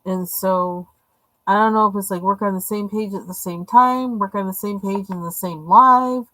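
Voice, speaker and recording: A woman with a mid-range, fairly bright voice and fairly even intonation speaks at a moderate pace. She's hosting a live coloring stream, chatting casually while she colors in a rambling, hesitant way full of fillers. The recording is dry and the audio quality is poor.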